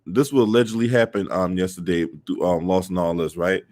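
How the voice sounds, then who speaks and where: A man with a low-pitched voice and hosts a casual commentary stream. He talks loosely, swears freely and fills his sentences with "um" and "you know." He calls out to viewers in his chat as he goes. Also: fairly quick, darkish tone. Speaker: host of a sports and politics channel.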